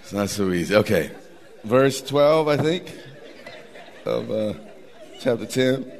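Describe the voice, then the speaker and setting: A man preaching a sermon as pastor, animated and folksy, repeating words for emphasis. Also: medium pitch, slow, vocal fry, some chatter behind, a little hiss or hum. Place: church sanctuary. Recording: long hall reverb.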